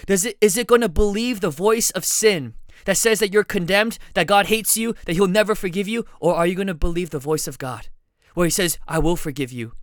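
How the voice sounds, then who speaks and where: A man's voice: high-pitched, fairly bright tone, clear, resonant tone, no echo. A man preaching a sermon, earnest and direct, putting questions to his listeners.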